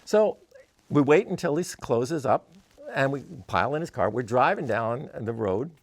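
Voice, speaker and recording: A man who is a guest musician, telling stories in an interview in an animated way. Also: mid-range voice, normal speed, no room sound. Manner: animated, acts out voices in his stories. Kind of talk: storytelling in an interview.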